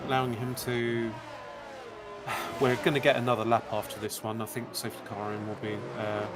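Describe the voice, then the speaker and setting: A man co-commentating an esports race, relaxed and quick to laugh and joke back. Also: mid-range voice, noisy background. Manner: laid-back, laughing, joking back.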